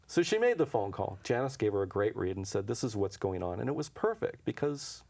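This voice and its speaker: This man's voice is fairly low, gravelly and a little mellow, with a sing-song lilt and a moderate pace. Interviewed in a local TV studio as an intuition teacher, he swaps casual anecdotes, performs the dialogue himself and laughs frequently.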